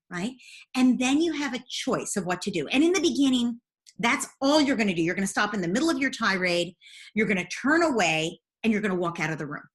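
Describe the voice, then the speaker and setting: A woman's voice: fairly high pitch, animated, brisk. A woman guest in an interview, earnestly explaining parenting advice step by step. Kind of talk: interview answers.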